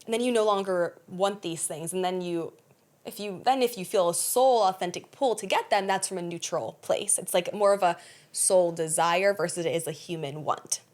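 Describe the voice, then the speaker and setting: A young adult woman hosting a podcast, talking bluntly in a casual, animated way, with frequent swearing. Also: on the low side, moderate pace. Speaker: podcast host.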